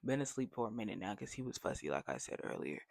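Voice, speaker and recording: A young adult man telling a casual storytime, animated and slangy, dropping to whispers for effect. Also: on the low side, fast, gravelly, dry recording. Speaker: vlogger.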